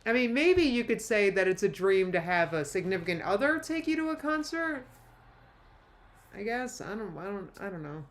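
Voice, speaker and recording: A woman's voice: medium pitch, very animated. Woman streamer, casual reaction commentary, chatty and rambling. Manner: chatty, rambling, quick asides with laughs. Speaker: live-stream reaction host.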